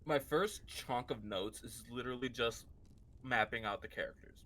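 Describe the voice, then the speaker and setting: Bright-voiced man in a rambling chat. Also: medium pitch, normal speed. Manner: rambling, lots of filler words, laughs often. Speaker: book club podcast co-host. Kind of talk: casual chat.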